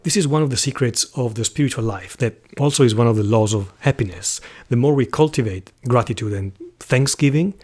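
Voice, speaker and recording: An earnest man speaks at a mid-range pitch, sincere and heartfelt. He moves between reflective talk and measured poetry reading, sometimes dropping into a soft whisper. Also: slightly rough. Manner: earnest, heartfelt, reads verse slowly with soft whispered passages. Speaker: host of a Catholic channel.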